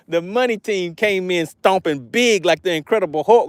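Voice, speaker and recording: A man with a fairly high voice hosts a fishing live stream while out fishing. He reads the chat aloud and bursts into frequent excited exclamations in a chatty, promotional manner. The recording is dry and close, with no room sound. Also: moderate pace, no room sound. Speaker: fishing livestream host.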